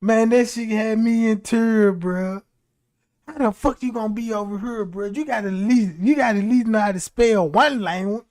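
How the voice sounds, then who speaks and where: Man streamer, high voice, casual profane storytelling, loose and rambling. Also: normal speed, a little mellow. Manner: rambling, profane, laughs often.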